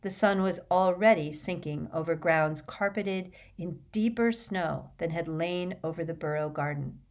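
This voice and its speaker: A woman narrating an audiobook in measured, even scripted narration. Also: on the low side.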